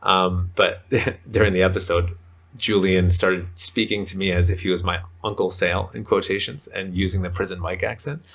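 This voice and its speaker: A man's voice: sits low, fairly even intonation, normal speed, fairly bright tone. A man talking as a podcast guest in casual, rambling conversation, full of fillers. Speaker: podcast guest, men's coach.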